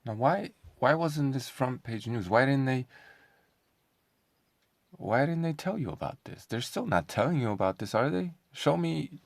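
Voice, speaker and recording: A man's voice: mid-range voice, lively intonation, unhurried, vocal fry, dry recording. A man talking in a casual commentary vlog, sarcastic and combative, firing off rhetorical questions. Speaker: online commentator.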